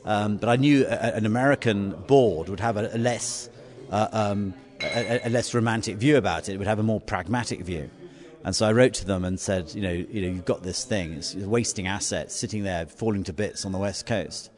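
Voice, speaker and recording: A man's voice: lowish voice, brisk, darkish tone. An English man telling a story in an interview, often stumbling and repeating words. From England.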